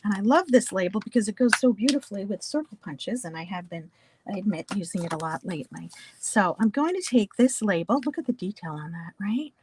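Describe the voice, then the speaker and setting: A woman's voice: mid-range voice, animated, a little fast, a little mellow, a little hiss or hum. A woman from New Jersey teaching a casual card-making class, chatty and talking through each step with small asides. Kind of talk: casual craft tutorial.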